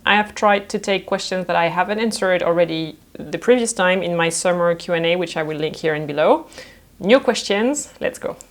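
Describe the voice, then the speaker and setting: A young French woman, a fashion designer, answering viewer questions in a casual vlog, with a lively, playful manner and frequent laughs. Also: fairly low pitch, normal speed. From France.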